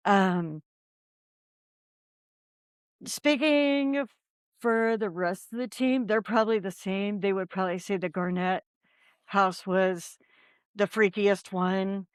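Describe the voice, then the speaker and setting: Woman, podcast guest, casual storytelling, rambling with fillers, mid pitch, dry recording. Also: slow, pauses often, clear, resonant tone, no echo. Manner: rambling, lots of ums and likes. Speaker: paranormal investigator guest.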